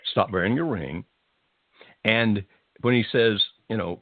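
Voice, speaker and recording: Low husky guy giving gentle advice on a call-in show, sounds tinny like a phone line. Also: fairly quick, no room sound. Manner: calm, gentle, reassuring advice. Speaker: radio advice host.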